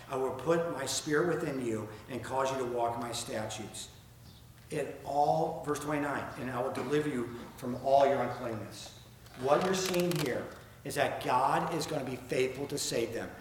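A man with a Southern accent preaching a sermon, asking rhetorical questions and reading scripture aloud in an earnest way. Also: mid-range voice. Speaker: pastor. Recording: very echoey room, faint ambient noise.

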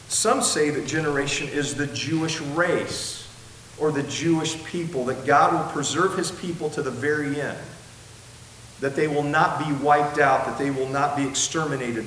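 Guy preaching a sermon, kinda high voice, slows way down on the big words, roomy echo. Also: a bit bright, distant mic. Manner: emphatic, slows down to stress key words. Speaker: pastor. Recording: echoey room with faint hiss.

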